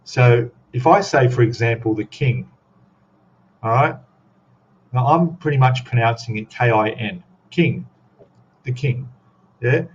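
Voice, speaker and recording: A man's voice: medium pitch, unhurried, long pauses. A man with an Australian accent chatting casually on a live stream as a scale model host, rambling and reading chat comments aloud. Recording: dull lo-fi stream audio with faint noise.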